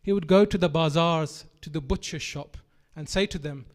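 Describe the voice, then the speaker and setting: A man's voice: a little high, moderate pace. A man preaching a commemorative sermon, retelling a tragic story with grieving, rising lament.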